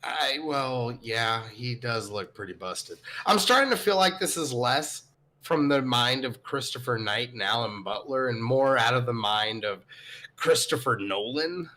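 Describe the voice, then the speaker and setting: A man's voice: mid-range voice, expressive, measured pace, bright, forceful tone. A man co-hosting a podcast, chatting casually in a rambling, profane way with frequent laughs. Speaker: podcast co-host. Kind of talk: casual chat.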